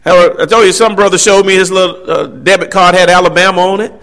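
A preacher man delivers a sermon with a high-pitched, ringing voice. He preaches emphatically, swinging his delivery up and down and tossing asides to the congregation. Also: steady tone, quick pace, a bit bright.

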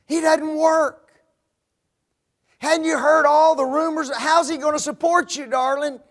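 A male preacher voicing disapproving parents who scold their daughter slowly and with exasperation. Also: very high-pitched, fairly even intonation, a bit bright, pitched above the performer's own voice.

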